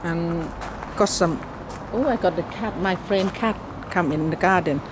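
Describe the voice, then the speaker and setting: Slow-talking Thai woman touring her garden. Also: on the low side, background noise. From Thailand. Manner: chatty, simple broken English, fond and cheerful. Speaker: gardening vlogger. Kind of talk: casual garden tour. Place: outdoor home garden in a town.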